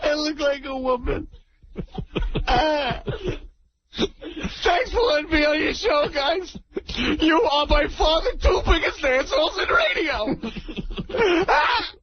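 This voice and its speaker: Comedy bit: a crying older baseball boss, sobbing, very high and drawn-out, dull radio sound. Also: male voice, lively intonation, heavily acted. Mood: blubbering. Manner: sobbing and whimpering between lines. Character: weepy blubbering old male baseball team owner.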